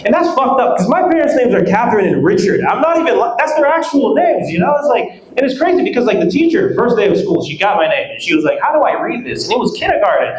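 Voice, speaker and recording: A young man from West Africa performs a stand-up set in a club. His voice sits a little high and swings widely as he acts out people and laughs along with the crowd. The sound carries a clear room echo. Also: quick pace, hardly any pauses. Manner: animated, acts out voices, laughs at own jokes. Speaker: stand-up comedian. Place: comedy club stage.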